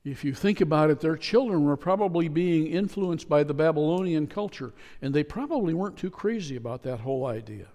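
Pastor guy giving a sermon, measured and repetitive, big echoey church sound. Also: a little high, lively intonation, mellow. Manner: measured, repetitive preaching with emphatic pauses. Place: church sanctuary. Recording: long reverb of a church hall.

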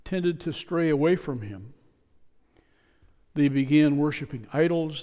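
A man preaching a sermon in a church, speaking in a measured, repetitive way with emphatic pauses. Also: fairly high pitch, mellow. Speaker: pastor. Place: church sanctuary. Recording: long reverb of a church hall.

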